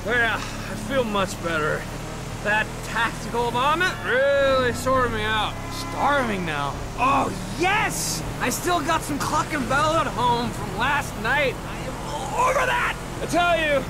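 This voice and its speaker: Game extra: a slow, slurry drunk bro, high and swinging. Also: male voice, big pitch swings, heavily acted. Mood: relieved. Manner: slurring, boisterous, sloppy. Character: drunk rowdy young male partier. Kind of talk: video game voice acting. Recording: game audio with street noise.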